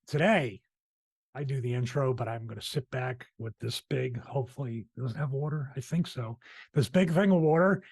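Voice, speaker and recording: A man's voice: mid-range voice, fairly even intonation, moderate pace, gravelly, a little mellow, husky, dry recording. Philly guy hosting a fitness show, rambles a bit, dry close mic. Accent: Philadelphia. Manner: rambling, self-deprecating, restarts often. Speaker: podcast host. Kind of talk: casual chat.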